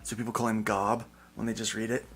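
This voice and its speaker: A man's voice: on the low side, level tone, fast, a bit bright. A man hosting a casual panel podcast, joking and rambling with fillers. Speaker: podcast host.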